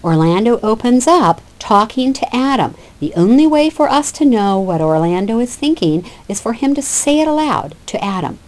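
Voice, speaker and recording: A woman's voice: on the high side, sing-song, normal speed, few pauses, a little mellow. A woman teacher giving a lecture that explains a classic play scene by scene. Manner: explanatory, with fillers and restarts. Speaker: literature teacher.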